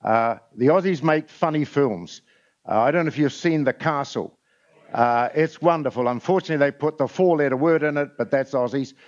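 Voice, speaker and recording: A man's voice: medium pitch, moderate pace. Man telling jokes from a conference stage. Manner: storytelling, with frequent "uh" fillers. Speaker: conference speaker. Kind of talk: motivational talk with jokes. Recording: lo-fi recording.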